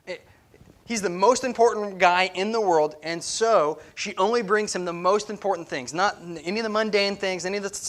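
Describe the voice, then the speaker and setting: A man delivering a church sermon in a high, bright voice. He talks to the congregation in a conversational way and keeps checking that they follow along. When he quotes someone, his voice climbs higher and gets louder. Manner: acts out quoted speech with rising pitch and volume. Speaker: pastor. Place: church sanctuary.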